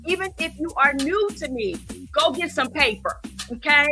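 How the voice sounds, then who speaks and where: A high-voiced woman hosts a livestream show with loud, enthusiastic energy. She half-sings her lines in a preacherly sway, and clear hip hop music runs under her voice. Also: moderate pace. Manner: loud, energetic, sing-song preacherly delivery. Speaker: host. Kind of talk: upbeat livestream talk show.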